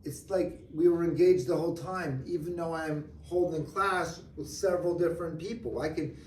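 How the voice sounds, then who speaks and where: A man teaching a real estate training class live, acting out client dialogue in an animated way. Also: a little high, normal speed, a little hiss or hum. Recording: echoey room from far off.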